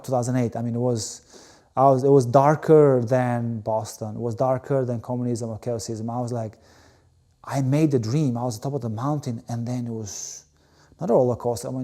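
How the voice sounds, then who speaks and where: A medium-pitched, dark-toned man's voice belongs to an Albanian former volleyball player. As an interview guest, he tells his story emphatically in animated conversation, full of "you know" and repeated words.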